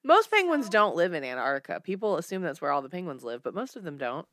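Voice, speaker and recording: A woman's voice: on the low side, very animated, fast, fairly bright tone, no echo, studio quality. A woman co-hosting a casual podcast who laughs often and cuts in with playful comments. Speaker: podcast co-host. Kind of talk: casual chat.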